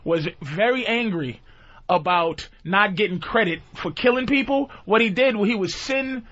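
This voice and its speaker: A man guesting on a radio show, retelling film plots with an animated, profane comic flair and acting out characters. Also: high-pitched, unhurried, muffled recording. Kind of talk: comic storytelling.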